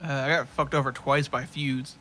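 A young man in casual chat, telling profane, animated stories and acting out what people said. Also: medium pitch, moderate pace, a little hiss or hum. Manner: profane, animated storytelling with quoted asides.

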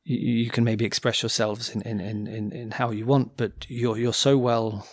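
A man's voice: mid-range voice, normal speed, slightly rough, no room sound, clean studio sound. A middle-aged man from England with an English accent, hosting a casual chat and telling stories with lots of laughter. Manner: animated storyteller, laughs often, acts out quoted voices. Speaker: dance teacher and podcast host.

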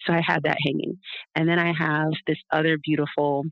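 A woman's voice: low voice, level tone, fairly quick, vocal fry, no echo. A woman speaking as an interview guest in casual, rambling talk, often checking in with a tag question. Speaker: guest, doula. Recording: dull, lo-fi, dry.

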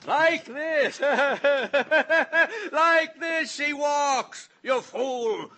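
A man's voice: very high-pitched, extremely slow, exaggerated voice. A raving bitter old man. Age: 60s. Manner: agitated, bursts into shouting. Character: bitter old man, resentful, unstable, defiant. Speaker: radio drama actor. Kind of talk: 1950s radio drama acting. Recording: old radio broadcast recording.

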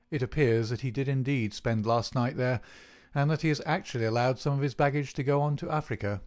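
A man's voice: mid-range voice, darkish tone, close to an everyday voice. A man voicing a precise, reserved male detective in an audiobook reading. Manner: measured, precise. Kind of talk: audiobook character voice.

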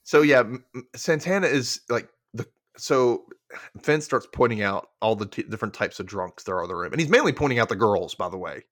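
An animated man in casual podcast chat, his pitch swinging widely as he acts out characters' lines. His voice sits mid-range and sounds dry and close. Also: a little fast, no room sound. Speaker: podcast host.

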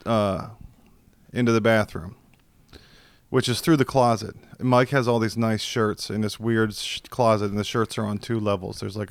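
A man with a smooth, resonant voice, a podcast guest recounting a wild night in a casual chat. He speaks over a video call, and the sound is dry and close. He acts out every quoted voice and swears freely. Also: lowish voice, no room sound.

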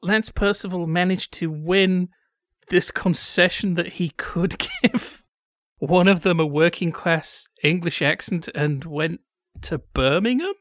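A man's voice: high-pitched, slow pace, a bit bright, no echo, clean studio sound. A man hosting a casual discussion, wry and analytical as he leads the talk. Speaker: podcast host.

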